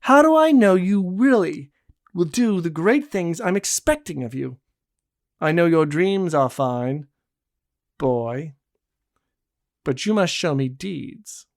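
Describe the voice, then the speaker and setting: A man's voice: a little high, sing-song, takes it slowly, long pauses, no echo, studio quality, voice pushed up, exaggerated voice. A man voicing a proud, teasing young woman in a storybook reading. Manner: playful, commanding.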